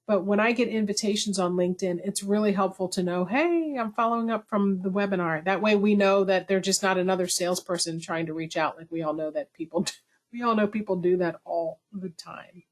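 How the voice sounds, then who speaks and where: A woman's voice: lowish voice, fairly quick. Chatty woman hosting a webinar. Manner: chatty, self-deprecating, lively asides. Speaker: webinar host. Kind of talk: conversational webinar talk.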